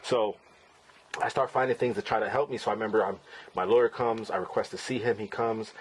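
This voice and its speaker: Casting note: man in his forties, fairly deep voice, casual blunt podcast storyteller who swears freely. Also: fairly even intonation, brisk, slight background noise, low-quality recording. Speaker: podcast host and father. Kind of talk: candid personal storytelling.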